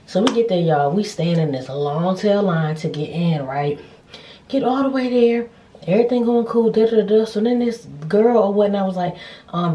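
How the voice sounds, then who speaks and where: A young adult woman vlogger telling a lively, slangy story-time rant to her viewers. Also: mid-range voice, fairly quick, distant mic. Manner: animated, slangy, addresses viewers as y'all. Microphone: phone. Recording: echoey room with faint noise.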